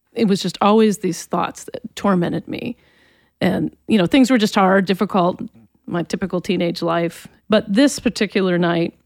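A woman giving an earnest, emotional personal faith testimony as an interview guest, often halting and restarting. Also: mid-range voice, a little mellow, no room sound.

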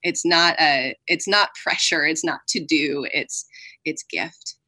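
A woman's voice: low-pitched, slow, sharp tone, no echo. A woman in her thirties, an author talking earnestly and with animation as an interview guest, often adding "like" and "right". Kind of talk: conversational interview.

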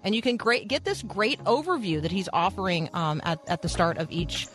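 A woman hosting a morning radio talk show in a chatty way. She drops quick, self-deprecating asides between introductions, with faint music playing underneath. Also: medium pitch, lively intonation.

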